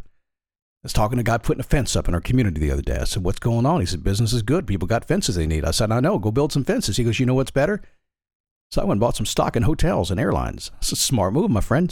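A man's voice: fairly low pitch, no echo, studio quality. A man giving a blunt, emphatic motivational monologue in a folksy, preaching way. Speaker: motivational speaker.

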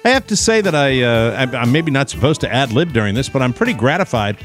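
A man's voice: medium pitch, fast talker, faint music behind. A man hosting a radio talk show, bantering casually with his co-hosts and reading announcements with chatty asides. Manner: lively, with chatty asides and fillers.

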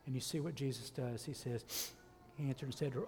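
A man preaching a sermon as a church elder, impassioned and emphatic, rising to loud peaks and dropping low. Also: steady tone, brisk, big-room sound.

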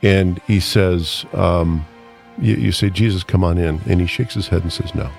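A man's voice: low-pitched, moderate pace, creaky, darkish tone, faint music behind. A middle-aged man telling jokes and stories on a radio show, laughing at himself as he goes. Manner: laughing, self-mocking storyteller. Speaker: guest. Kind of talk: joking radio chat.

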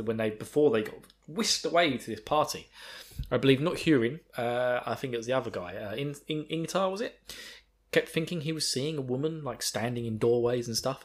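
A man's voice: mid-range voice, husky. A man hosting a podcast, rambling through a casual book recap with swearing and self-mockery. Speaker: podcast host.

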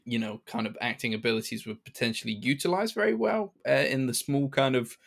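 A man co-hosting a podcast, chatting casually in a review and pausing often to restart his sentences. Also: mid-range voice, vocal fry. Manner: hesitant, many restarts and fillers. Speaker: podcast co-host.

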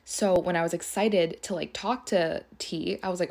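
A woman's voice: lowish voice, steady tone, normal speed, creaky, hardly any pauses, darkish tone. A young woman hosting a podcast, telling a personal story in a chatty, casual way, swearing often and filling her talk with "like". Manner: chatty and profane, heavy use of "like". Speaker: podcast host.

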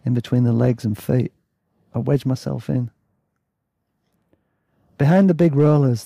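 A man's voice: medium pitch, vocal fry, mellow, no room sound, studio quality. A man reading his own travel memoir aloud in a laid-back, chatty way, breaking off for asides and self-corrections. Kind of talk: casual story reading.

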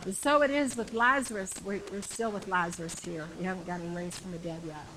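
A woman's voice: lowish voice, fairly even intonation, brisk, slight background noise, rough recording. Impassioned woman preaching a sermon. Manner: impassioned, repetitive, shouts climactic lines.

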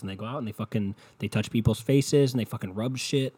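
A frustrated man hosts a solo podcast from home, swearing freely and piling on sarcasm as he rants. His voice is dark and mellow, with a slightly husky edge, picked up close on a home microphone. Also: lowish voice, fast talker. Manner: profane, frustrated, sarcastic ranting. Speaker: podcast host. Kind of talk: casual solo podcast rant. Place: indoors at home. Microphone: USB podcast mic with windscreen.

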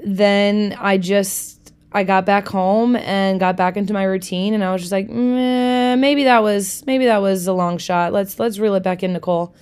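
A young woman from the United States hosting a solo podcast, talking in a chatty, candid way with frequent swearing and lively asides. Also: medium pitch, clean tone. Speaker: podcast host. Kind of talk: casual solo podcast chat.

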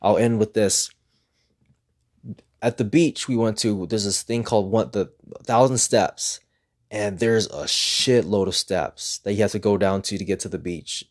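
A man's voice: lowish voice, measured pace. A man talking earnestly in a casual motivational vlog, rambling and repeating himself as he pushes himself on. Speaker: vlogger.

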